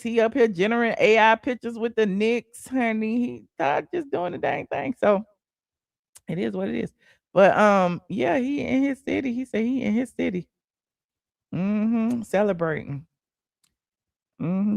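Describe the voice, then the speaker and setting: Sassy woman doing gossip live, kinda gravelly, dry close mic, AAVE. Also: mid-range voice, no echo. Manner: sassy, chatty, says "honey" and "okay". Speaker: host. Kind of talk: casual celebrity gossip livestream.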